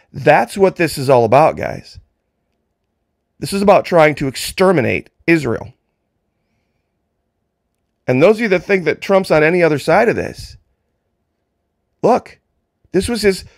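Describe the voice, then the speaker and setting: Male commentator, a bit high-voiced, heated and sarcastic, reading quotes, dry close mic. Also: vocal fry, dry recording. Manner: impassioned, sarcastic, reads quotes aloud. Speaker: political commentator. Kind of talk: political commentary.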